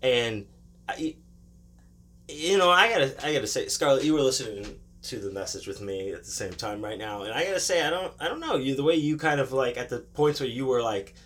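Casting: male podcast host, bright and forceful tone, animated and rambling. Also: medium pitch, fairly quick. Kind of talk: casual podcast chat.

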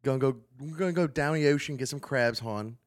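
A man's voice: medium pitch, fairly quick, natural voice. An over-the-top Baltimore accent that drawls and says hon, as a man puts it on for a laugh. The delivery is broad and mocking, and it races along. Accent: Baltimore put-on.

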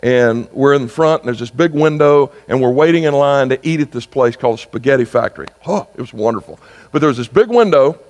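A man's voice: medium pitch, lively intonation, a little fast, darkish tone. A man, preaching a sermon in a conversational storytelling style that builds to fervent exhortation. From South Carolina. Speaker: pastor. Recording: long reverb with mains hum.

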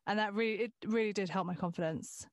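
A woman's voice: medium pitch, fast, no room sound. A woman hosting a podcast in casual chat, talking freely with frequent restarts and the odd swear word. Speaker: podcast host.

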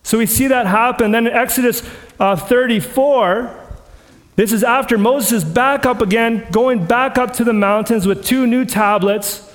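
High-pitched guy preaching, chatty and earnest, long church hall echo. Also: moderate pace. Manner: earnest, conversational preaching that acts out scripture quotes. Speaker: pastor. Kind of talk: sermon.

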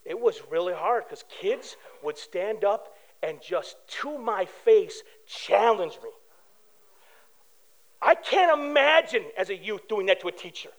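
A man from preaching a sermon as pastor, animated and telling stories with acted-out quotes. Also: sits high, measured pace, poor audio.

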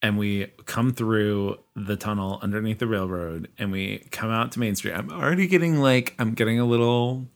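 A man's voice: on the low side, steady tone, moderate pace, few pauses. A man co-hosting a casual podcast chat, emphatic and enthusiastic, getting choked up as he talks. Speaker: podcast co-host.

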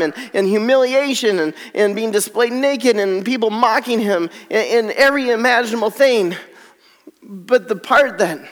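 High-voiced man preaching in a reverberant hall. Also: fairly bright tone. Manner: reads scripture aloud with dramatic drops to near whispers. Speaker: pastor. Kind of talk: sermon.

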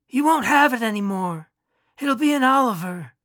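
A narrator voicing a calm male doctor who brushes off every doubt in a matter-of-fact way, in a storybook reading. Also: mid-range voice, moderate pace, dry recording, studio quality, close to an everyday voice. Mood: reassuring.

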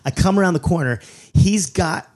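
A middle-aged man tells a comic story with a husky, breathy voice that sits a little high for a man. He is animated, restarts often, and acts out the people he describes. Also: moderate pace. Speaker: comedian, storyteller.

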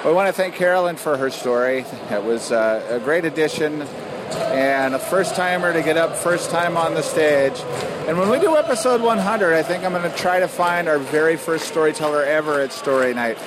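A man hosting a podcast, thanking the storyteller while casually calling the last pitches of a ballgame. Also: normal speed, noisy background. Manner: relaxed, calls a ballgame as he talks. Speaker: podcast host. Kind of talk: casual host talk mixed with play-by-play.

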